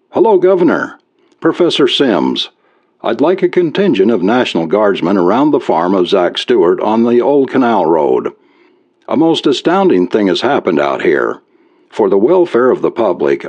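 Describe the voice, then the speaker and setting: A jittery scientist, as a male storyteller acts him out, hurried and anxious, his pitch jumping high and wide. The recording sounds dull and lo-fi. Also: darkish tone. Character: nervous, urgent male nuclear physicist.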